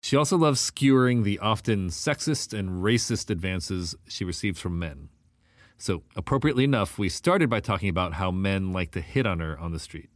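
A man's voice: low voice, animated, normal speed, no echo, clean studio sound. A man hosting a podcast in a casual, laid-back way, dropping hip-hop slang. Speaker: podcast host.

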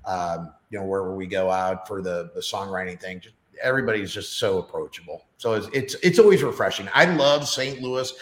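Man, middle-aged, podcast guest, lowish voice, rambling storyteller, echoey room. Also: fairly quick, hardly any pauses. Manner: chatty storyteller with many fillers. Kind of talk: casual chat.

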